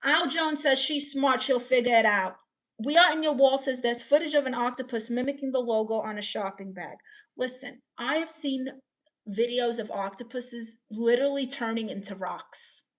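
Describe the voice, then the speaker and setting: A woman's voice: fairly high pitch, normal speed, a bit bright. Playful woman reading her live chat. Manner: playful, reads viewer comments aloud and riffs on them. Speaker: live streamer. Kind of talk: casual live-stream chat.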